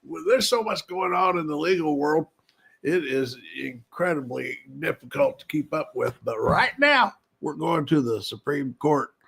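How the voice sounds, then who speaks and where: An older man hosting a talk show, speaking in a halting way with many pauses and restarts. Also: fairly high pitch, big pitch swings, creaky, a bit bright, slightly rough. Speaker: host.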